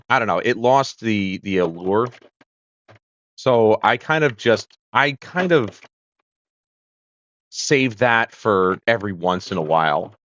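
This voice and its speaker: A lowish, slightly bright voice belongs to an American man hosting a casual livestream from a home room with a kitchen corner. He chats and rambles, filling gaps and correcting himself, and his streaming-setup audio is lo-fi.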